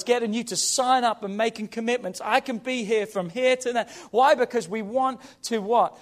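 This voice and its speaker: A pastor preaching with a strikingly high voice for a man. He is emphatic and exhorting, pressing his points and rallying the congregation. He delivers a full sermon in church. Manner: emphatic, exhorting, repeats "come on".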